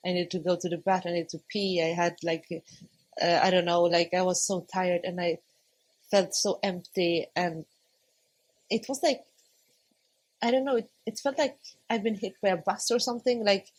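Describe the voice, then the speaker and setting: With a lower voice, a moderate pace, and frequent pauses, a woman in her thirties tells a personal story on a podcast. She keeps it conversational, laughing often and quoting herself with animation. The recording is rough.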